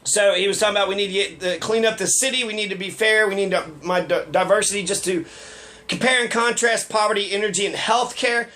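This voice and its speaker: A man's voice: high voice, steady tone, fast, sharp tone. A man giving a casual, rambling political rant, sarcastic and full of profanity. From Colorado. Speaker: local political commentator.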